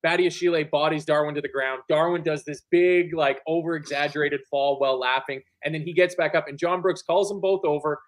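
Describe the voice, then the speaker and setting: A man's voice: on the high side, steady tone, a little fast, hardly any pauses. A man hosting a casual football reaction show, joking and swearing while reading out quotes at speed. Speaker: podcast host. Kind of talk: casual match-reaction chat.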